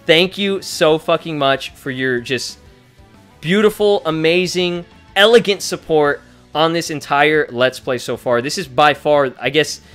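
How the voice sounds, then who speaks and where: A young man giving excited, profanity-laced commentary on his playthrough. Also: on the high side, measured pace, clear, resonant tone. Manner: hyped, swears a lot, frequent exclamations. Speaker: let's play gamer. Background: faint game music.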